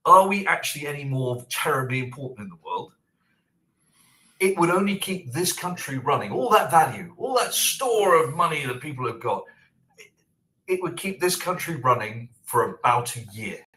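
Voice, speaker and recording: A man co-hosting a podcast, chatty and opinionated, quick with a joke. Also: fairly high pitch, big pitch swings, pushed and bright, poor audio. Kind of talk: casual podcast chat.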